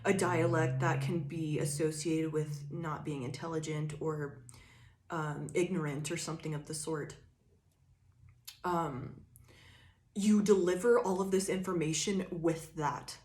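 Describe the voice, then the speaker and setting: A woman's voice: sits low, steady tone, measured pace, a little mellow, roomy sound. A woman giving a casual, rambling tarot reading, laughing often and acting out quoted voices. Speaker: tarot reader.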